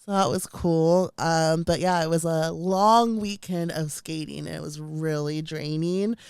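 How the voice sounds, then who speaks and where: A woman's voice: low voice, a little slow, clear, resonant tone, no echo, studio quality. Chatty young woman telling a story. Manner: animated storytelling, many "like"s, laughs often. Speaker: podcast co-host. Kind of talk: casual chat.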